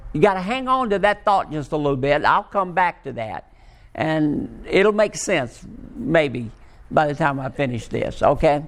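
A man delivers a sermon in a fairly high, gravelly voice. His pitch swings widely as he presses each point home, slow and emphatic. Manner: slow, emphatic preaching with rising and falling emphasis. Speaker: pastor.

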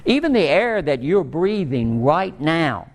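A man preaching a sermon, rising and pleading at times, then dropping low and soft to tell a story. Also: very animated, a little slow. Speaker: pastor.

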